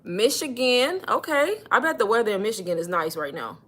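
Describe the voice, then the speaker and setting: A young woman chats on a livestream, calling her viewers y'all and sounding slightly out of breath. Her voice is bright and clear, at a middle pitch for a woman. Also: very animated, fairly quick. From Texas. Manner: chatty, addresses viewers as y'all. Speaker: livestream host. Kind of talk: casual livestream talk.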